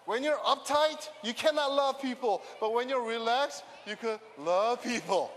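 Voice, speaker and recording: A man giving an energetic call-and-response sermon to a family audience in a church hall. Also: very high-pitched, unhurried, slight background noise. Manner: energetic, call-and-response, switching between English and Korean. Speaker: youth pastor. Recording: long hall reverb, faint music.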